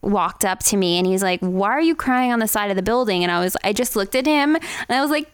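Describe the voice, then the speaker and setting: Young woman guest on a chat podcast, animated storyteller with a smooth voice, recorded dry. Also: mid-range voice, quick pace, no room sound. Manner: animated, swearing, acts out others' voices.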